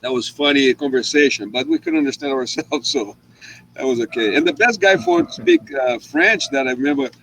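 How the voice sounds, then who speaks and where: Animated man chatting. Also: medium pitch, moderate pace, slight background noise, poor audio. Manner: animated storytelling with frequent restarts. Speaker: host. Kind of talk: casual live chat.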